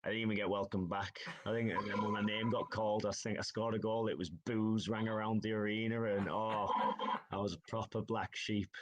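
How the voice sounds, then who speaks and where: A man's voice: lowish voice, fairly even intonation, fairly quick. A man, a hockey player telling stories in a casual podcast interview. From Northeast England. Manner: chatty storytelling, says "aye" and "like". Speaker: ice hockey player guest.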